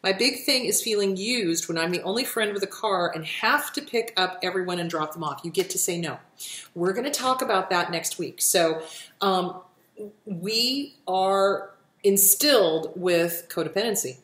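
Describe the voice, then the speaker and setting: A woman's voice: mid-range voice, lively intonation, moderate pace, fairly bright tone. Woman, therapist host, blunt and swearing, emphatic, echoey room. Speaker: therapist host answering viewer questions. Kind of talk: casual advice talk.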